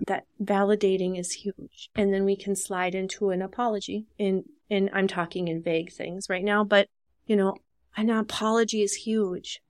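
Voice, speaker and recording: Woman with an Upper Midwest American accent, mid-pitched, patient and instructive, close and dry on a podcast mic. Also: steady tone, moderate pace, dry recording. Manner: earnest and instructive, acts out short example dialogues. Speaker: dementia care business owner and social worker. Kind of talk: podcast interview, explaining caregiving tips.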